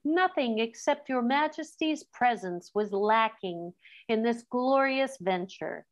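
A woman reading aloud voices a valiant, courtly male talking mouse with a shrill, piping voice. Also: lively intonation, slow pace. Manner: formal, courtly. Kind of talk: storybook read-aloud.

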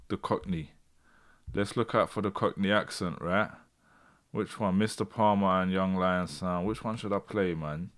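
Chatty low-voiced British man, thinking aloud. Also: a bit bright. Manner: chatty, thinking aloud, reads out viewer comments. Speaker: host. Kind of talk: casual livestream chat.

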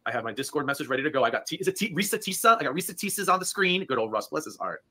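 A man's voice: a little high, sing-song, very fast, sharp tone, breathy edge. A man hosting a livestream, rambling offhandedly to his viewers. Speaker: livestream host. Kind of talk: casual stream chat.

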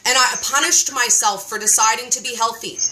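A woman hosting a casual chat, telling stories in an animated, playful way and acting out quotes. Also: on the high side, brisk, poor audio. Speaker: host.

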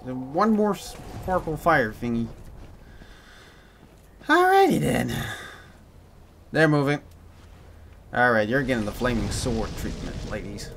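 A man giving a commented game playthrough, with a mix of American and British in his accent, swinging from panicked shouts to dry muttering. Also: mid-range voice, measured pace, noisy background. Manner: excitable, yelps and shouts in panic, then mutters dryly. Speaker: gaming commentator.

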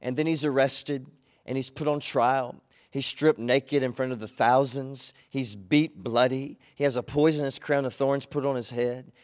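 A man preaching a sermon as pastor, reading scripture dramatically and asking the listeners pointed questions with rising feeling. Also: medium pitch.

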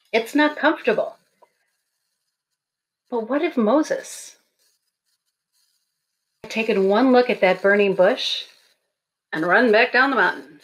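A woman's voice: mid-range voice, vocal fry, a bit bright. Woman giving a conversational sermon. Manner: conversational, humorous storytelling. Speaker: speaker at a college baccalaureate service.

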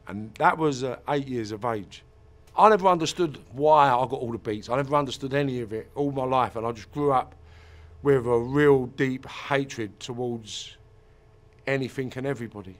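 A man's voice: mid-range voice, normal speed. A man with a British accent, recounting a hard childhood in an emotional interview. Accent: British English. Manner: emotional, gravelly storytelling.

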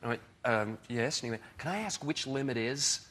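A man on a comedy panel show telling wry anecdotes and quoting people in a deadpan voice. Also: medium pitch, a little fast, a little hiss or hum. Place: TV studio with live audience.

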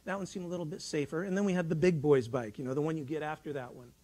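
A man's voice: fairly high pitch, fairly even intonation, very fast, darkish tone, rough recording. A man preaching in a church, talking in a folksy, rambling way with many restarts as he tells a childhood story. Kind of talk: sermon. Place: church sanctuary.

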